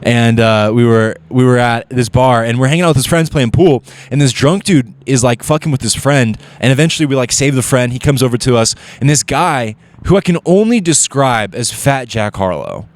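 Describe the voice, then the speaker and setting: Animated, profane man telling stories. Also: medium pitch, normal speed, hardly any pauses. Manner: animated, profane, acts out quotes. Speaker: guest comedian. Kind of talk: casual comedic storytelling.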